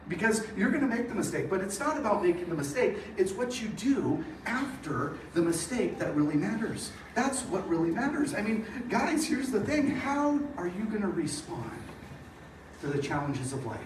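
Middle-aged guy preaching, animated storyteller doing voices, echoey church sound. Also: high voice, normal speed, slight background noise. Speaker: pastor. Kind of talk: sermon. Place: church hall. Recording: echoey hall from far off.

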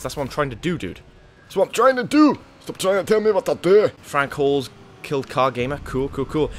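A man's voice: mid-range voice, fairly bright tone, slight background noise. A man giving live, panicky commentary on his own gameplay, swearing and talking to himself. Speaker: gaming YouTuber.

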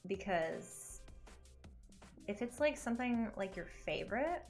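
A woman's voice: medium pitch, measured pace, pauses often. Young woman streamer, casual chatty delivery, laughs often, faint music behind. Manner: chatty, giggly, animated. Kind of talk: casual gaming stream chat.

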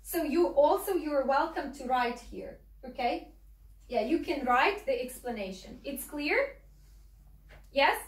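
A woman's voice: high-pitched, animated, a little slow. A woman from Ukraine with a Ukrainian accent, a native Russian speaker, teaching a class with many fillers and frequent "okay?" checks. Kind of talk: classroom instruction. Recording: echoey room, mic far off.

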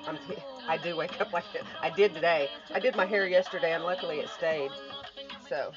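A woman with a slightly low voice chats casually on a morning livestream from home. She rambles, greets viewers and swears in passing. The phone audio is dull and lo-fi. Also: fairly quick, music in the background. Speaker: artist livestreaming.

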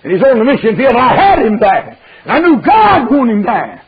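An older man preaching a fiery sermon, drawling through stories and breaking into shouts. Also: very high-pitched, wildly swooping pitch, moderate pace, breathy edge. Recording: dull lo-fi recording.

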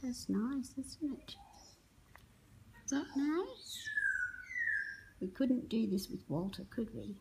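Woman, high voice, lively sing-song baby talk, slow, mellow, faint hiss behind. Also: creaky. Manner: doting, sing-song, whispery asides. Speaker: pet owner. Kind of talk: baby talk to a pet parrot.

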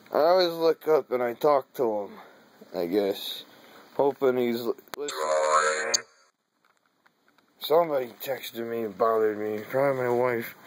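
A man's voice: mid-range voice, slight background noise. A man telling a personal story in casual, profane talk, drawling and saying "dude" often, laughing now and then. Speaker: vlogger.

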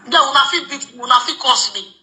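A woman talks in a high, piercingly bright voice. She is emphatic and insistent and keeps repeating her denials, with laughter slipping between words. She sounds like an interviewee in a heated casual chat. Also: animated, fast talker, poor audio.

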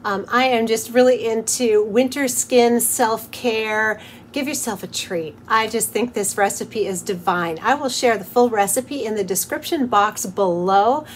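A woman's voice: on the high side, measured pace, slight background noise. Cheerful chatty woman teaching a craft. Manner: cheerful and chatty, with soft laughs. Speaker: host of a soap-making channel. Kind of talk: craft tutorial, talking through steps.

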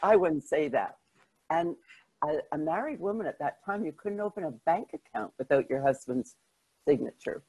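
An older woman journalist, appearing as a guest, answers interview questions with lively anecdotes, stumbling restarts and self-deprecating laughter. Her voice is deep and husky at a moderate pace, on a low-quality recording.

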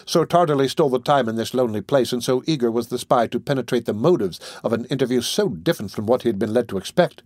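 A man narrating a classic novel as an audiobook in a steady, even storytelling manner. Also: medium pitch, fast, few pauses, dry recording, studio quality. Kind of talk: scripted narration.

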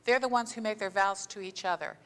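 Woman pastor, plain mid voice, chatty preaching that slows for emphasis; sanctuary echo. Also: mid-range voice, a bit bright. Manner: conversational storytelling preaching; slows down to stress key phrases. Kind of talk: sermon. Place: church sanctuary. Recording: long church reverb.

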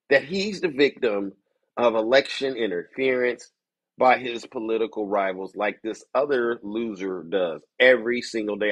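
A man hosting a political commentary show rants to his viewers like a theatrical, mocking showman, repeatedly saying "ladies and gentlemen." His mid-range voice has a breathy edge, with no echo.

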